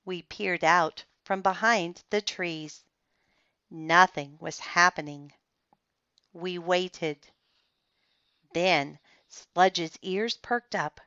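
A woman reading a children's chapter book aloud in a slow, careful and expressive manner. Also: on the low side, smooth, no room sound. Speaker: storybook reader. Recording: slightly dull, muffled recording.

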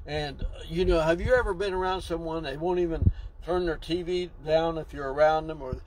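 A man's voice: fairly high pitch, fairly quick, a little mellow, slight background noise, low-quality recording. A man preaching a sermon, exclaiming and drawing out key words for emphasis.

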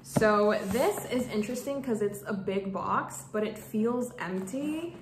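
A woman in her twenties chatting casually in a book vlog, gushing and excitable, often stumbling over her words. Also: mid-range voice, a little slow. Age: 20s. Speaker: book vlogger. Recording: echoey room, faint background hum.

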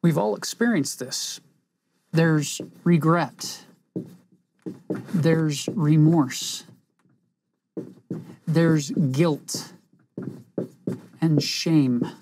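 An earnest woman teaching a scripture lesson, reflective and deliberate. She talks slowly, with a mellow, husky, breathy voice, and her pitch sits a little low. The sound is dry and close. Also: no room sound. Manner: earnest, reflective, pauses for emphasis.

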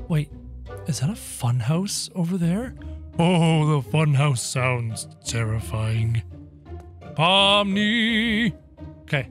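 A man giving playful, animated gameplay commentary in character as the game hero, breaking into sudden yelps and shouts. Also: a little high. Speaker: gaming video creator. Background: game music.

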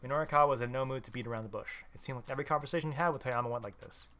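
A man casually reading a visual novel aloud as a let's player, with quick reactions of his own. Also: medium pitch, sharp tone. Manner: casual, swears in surprised reactions.

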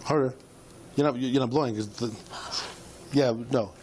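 A man's voice: medium pitch, moderate pace. A man working as a police officer, patiently coaching someone through a breath test with short, repeated commands. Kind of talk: bodycam breath test instructions. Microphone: body camera. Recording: noisy body camera audio.

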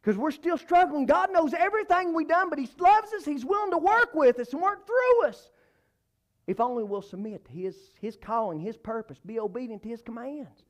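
A man preaching a church sermon, emphatic, repeating phrases and swinging between loud and soft. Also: lively intonation, normal speed. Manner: emphatic, repeats phrases, rises and falls in pitch and volume.

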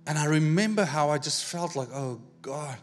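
A man preaching a sermon, telling a personal story in an animated way, acting out the dialogue and repeating words as he goes. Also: fairly high pitch, a little fast, faint music behind. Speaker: pastor.

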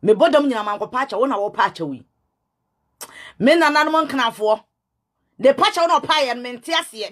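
A woman's voice: fairly high pitch, animated, quick pace, fairly bright tone. A Ghanaian woman ranting to camera, scolding and repeating herself, switching between her language and English. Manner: scolding, repetitive, mixes in English. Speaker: self-styled prophetess. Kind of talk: heated rant to camera.

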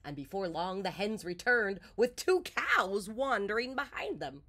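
Expressive woman reading a picture book. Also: medium pitch, unhurried. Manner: expressive read-aloud. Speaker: storyteller.

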